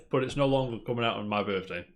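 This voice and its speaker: A man's voice: mid-range voice, quick pace. A man co-hosting a casual gaming news podcast, rambling cheerfully and calling his co-host "mate". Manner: chatty, rambling, peppers talk with "mate".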